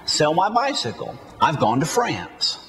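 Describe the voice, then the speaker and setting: Slow, clear-spoken male English teacher. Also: a little high, very animated, a bit bright. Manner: clearly enunciated, drills words for repetition. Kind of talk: slow, deliberate lesson narration.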